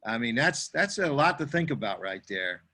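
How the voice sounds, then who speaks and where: A man in his fifties, a network marketing veteran, giving halting praise with many restarts on a video call. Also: mid-range voice, sing-song, pushed and bright.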